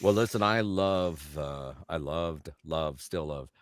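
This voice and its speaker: Deep-voiced Canadian voice actor. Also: male voice, slow, no room sound, studio quality. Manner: rambling, anecdotal, name-dropping with frequent fillers. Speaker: voice actor guest. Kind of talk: casual interview chat.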